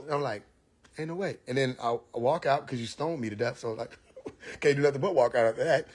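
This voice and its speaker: A man's voice: mid-range voice, a little fast. A man, hosting a casual livestream monologue, storytelling animatedly and mimicking mocking voices. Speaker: livestream host. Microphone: phone or computer mic on a live stream.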